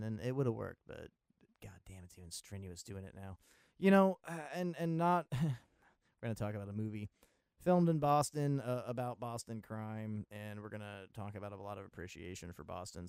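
A man's voice: lowish voice, brisk, vocal fry, smooth, no room sound, clean studio sound. Rambling, profane American man reviewing movies. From Maryland, USA. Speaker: podcast host.

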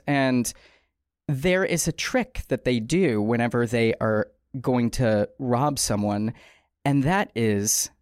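A woman hosting a comedy podcast in a studio, with a raspy, strained throat, telling a story in a playful, rambling way full of asides. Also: very deep voice, darkish tone, dry recording. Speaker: podcast host.

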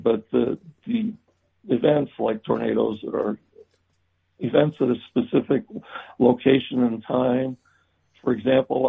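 A man being interviewed about his book, talking haltingly with many restarts and fillers. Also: mid-range voice, creaky, breathy edge. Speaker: book author guest. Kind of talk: remote interview. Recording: tinny phone-like line.

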